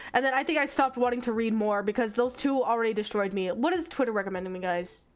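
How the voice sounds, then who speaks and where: A young woman streamer retelling a story in casual chat, exasperated, animated and swearing freely. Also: fairly high pitch, brisk.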